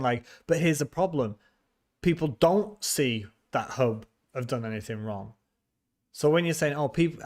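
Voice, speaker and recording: Casual male streamer, mid-range voice, banters with chat and restarts his sentences. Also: mid-range voice. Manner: chatty, teasing, laughs often, frequent restarts. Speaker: livestream host. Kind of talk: casual livestream chat reading viewer comments.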